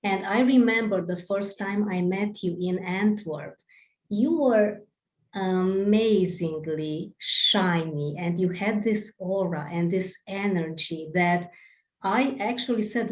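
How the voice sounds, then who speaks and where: Woman host, slow and affirming, recorded in a roomy space. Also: medium pitch. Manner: slow, affirming, admiring of her guest. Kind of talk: interview host on a live video call. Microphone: video call. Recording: roomy video call sound.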